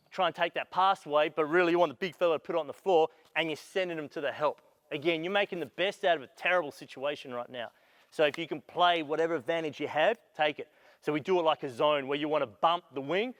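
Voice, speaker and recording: A man coaching a basketball clinic, his voice sitting high for a man and recorded close and dry. He walks players through drills, calling out positions and stopping the action to explain. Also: fairly bright tone, no room sound. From Australia. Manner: instructive, directing players on court; raises voice for emphasis and calls.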